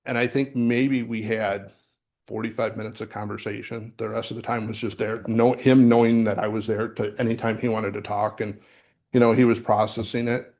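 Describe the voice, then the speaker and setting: A man's voice: fairly low pitch, level tone, moderate pace, a little mellow. A middle-aged man giving a sermon as associate minister, talking in a conversational way with fillers and restarts, recorded in a church sanctuary. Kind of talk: sermon with personal story.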